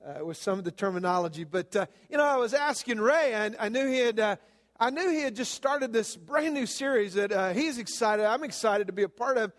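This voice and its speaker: A Southern US man with a high voice preaches as a guest pastor, speaking animatedly and fairly quickly. His folksy sermon, full of fillers, includes a humorous story, and the church sanctuary lends a long hall reverb.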